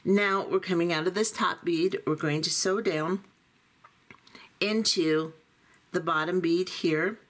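A woman teaching a beading tutorial, calmly talking through each step as she works. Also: on the low side, takes it slowly, pauses often. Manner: calm, methodical, talks through each step. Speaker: beading instructor.

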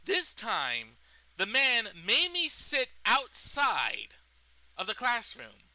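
A man's voice: extremely high pitch, wildly swooping pitch, takes it slowly, sharp tone, dry recording, low-quality recording. A young man in a vlog, indignantly retelling a personal story and swearing freely. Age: young adult. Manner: indignant, profane retelling of events. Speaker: vlogger.

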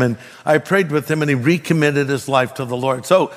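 A man's voice: on the high side, a little fast, slight background noise. A man preaching a sermon in a conversational, emphatic way, working through numbered points and telling humorous stories to a large church audience. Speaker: pastor. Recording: long hall reverb.

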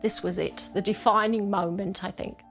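A woman's voice: mid-range voice, steady tone, moderate pace, gravelly, a bit bright, soft background music. A middle-aged woman, a mother, speaking candidly and animatedly in an interview. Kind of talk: casual interview.

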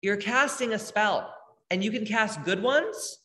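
A woman's voice: mid-range voice, lively intonation, measured pace, a bit bright, big-room sound. A woman spiritual healer hosting a live meditation, talking casually and bluntly with lots of swearing as she reads chat comments. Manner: blunt, profane, emphatic.

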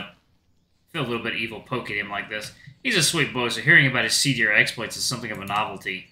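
A man hosting a gaming channel who reads a visual novel aloud and thinks out loud in an animated, chatty way. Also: lowish voice, quick pace, reverberant.

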